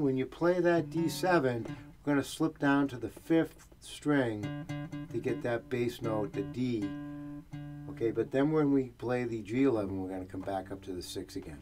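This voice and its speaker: A man talks through a guitar lesson in a relaxed, explanatory manner at a middle pitch. He walks through chord shapes and hums the melody between lines. Clear guitar playing runs behind his voice. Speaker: guitar teacher.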